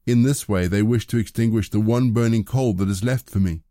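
Male reader earnest pleading widow, mellow, dry. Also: lowish voice, brisk, dry recording, natural voice.

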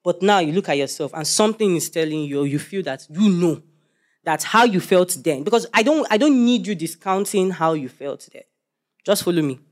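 A young man preaching a sermon, animated and joking as he quizzes the congregation. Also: high voice, normal speed.

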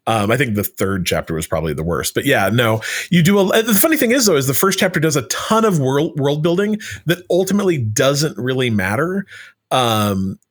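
A man's voice: medium pitch, big pitch swings, fairly quick, husky. A man co-hosting a casual chat, rambling with many restarts and fillers. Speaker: podcast co-host.

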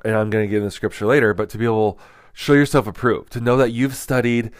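A man's voice: on the low side, steady tone, fast, no room sound. Rambling casual man, dry sound. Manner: rambling, many "like" fillers and restarts; candid, storytelling. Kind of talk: casual teaching talk.

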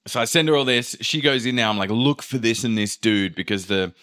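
A man's voice: mid-range voice, brisk, a bit bright. A young man telling a travel story in casual chat, swearing freely and acting out what people said. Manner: swears a lot, acts out quotes with filler "da, da, da".

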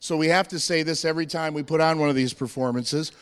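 An American man with a fairly high, smooth and resonant voice works a church crowd through a handheld microphone. He jokes, then pumps everyone up with shouts and calls to cheer. His voice rings through a reverberant church hall. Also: fast talker. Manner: hyped, joking, rallying the crowd with shouts. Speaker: touring strength team presenter. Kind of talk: energetic church stage presentation. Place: church hall with live audience.

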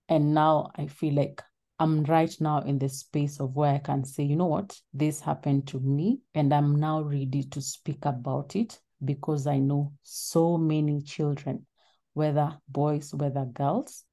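A woman's voice: deep voice, warm tone. A woman in her thirties, a lawyer and guest, giving an earnest and reflective personal account in an interview. Her voice is shaky. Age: 30s. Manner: earnest, reflective, sometimes trailing off.

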